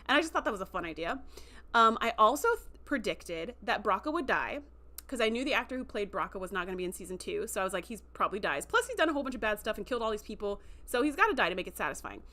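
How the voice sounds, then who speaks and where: A woman hosting a livestream, recapping a TV episode in a chatty, animated way and acting out quotes. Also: mid-range voice, fast talker. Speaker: show review host. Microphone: livestream microphone.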